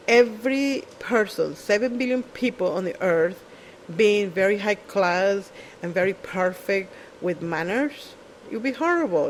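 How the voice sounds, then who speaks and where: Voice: medium pitch, slight background noise, poor audio. A speaker telling stories in a casual monologue, blunt and profane, with non-native English phrasing and a habit of mimicking other people. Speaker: show speaker.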